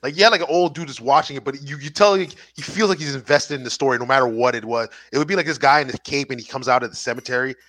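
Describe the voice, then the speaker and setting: A man's voice: mid-range voice, quick pace, hardly any pauses, a bit bright. A man co-hosting a podcast in loose casual banter, laid-back, swearing often and laughing a lot. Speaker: podcast co-host.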